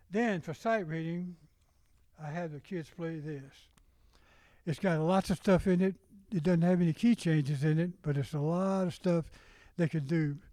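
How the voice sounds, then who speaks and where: A man's voice: a little high, mellow, no room sound, poor audio. Older Southern man, rambling teacher talk. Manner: rambling, demonstrating rhythms by singing syllables. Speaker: music teacher. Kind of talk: informal talk to music educators.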